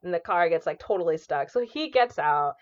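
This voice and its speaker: A woman's voice: fairly low pitch, animated, brisk, muffled recording. A woman co-hosting a podcast, casually retelling a movie with lots of fillers and acted-out quotes. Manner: chatty, many fillers, acts out quoted lines. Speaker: podcast co-host. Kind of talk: casual chat, recapping a movie.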